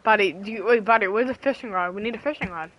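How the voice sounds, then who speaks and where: A woman chatting casually while playing a game with a friend, swearing and teasing, with sudden loud outbursts. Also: mid-range voice, quick pace, a little hiss or hum, poor audio. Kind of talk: casual gaming chat.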